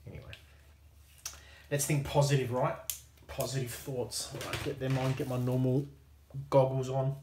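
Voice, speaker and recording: An Australian man keeps up a relaxed, self-deprecating running commentary as he works, often talking to himself. His voice sits at an ordinary middle pitch. The room is noticeably echoey, with a faint hum underneath. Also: normal speed. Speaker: hobbyist watchmaker. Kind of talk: casual running commentary while working.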